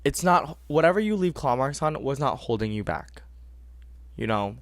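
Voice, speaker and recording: A young man hosting a podcast, giving earnest, animated advice in casual talk and repeating phrases for emphasis. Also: medium pitch, moderate pace, no room sound. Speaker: podcast host.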